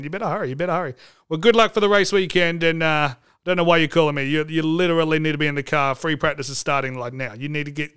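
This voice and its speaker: A man's voice: fairly high pitch, fairly bright tone, clean tone. A man hosting a comedic podcast, joking and irreverent and swearing freely. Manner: joking, irreverent, mock phone call, swears. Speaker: podcast host.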